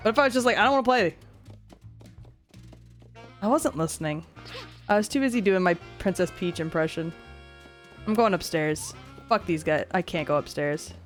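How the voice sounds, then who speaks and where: A young woman streaming a video game in a casual, animated way, giggling, swearing and reading dialogue aloud on a desk mic. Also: on the low side, a little fast. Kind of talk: casual let's-play commentary. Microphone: desk mic with webcam. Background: faint game music.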